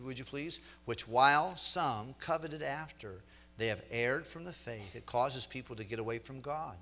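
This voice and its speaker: A man's voice: medium pitch, fairly bright tone, slight background noise. Emphatic middle-aged preacher man. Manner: emphatic, repeats words, slows for stress. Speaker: pastor. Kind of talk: sermon.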